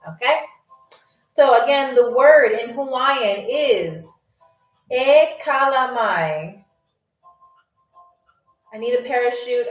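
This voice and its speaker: A woman with a fairly high, upbeat voice hosts a live game show stream, chatting and laughing as she reads out viewers' messages. She stretches out foreign words so everyone can follow. Her voice sounds a bit distant and echoey, with faint music playing underneath. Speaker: livestream game show host. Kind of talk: casual livestream hosting, reading out chat. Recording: echoey room, voice set back from the mic, faint music.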